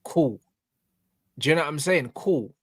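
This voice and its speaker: Young male co-host, fired-up football fan, slightly high voice, dry close recording. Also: animated, measured pace, slightly rough, no room sound. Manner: passionate, swears, repeats "do you know what I'm saying". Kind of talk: casual football debate.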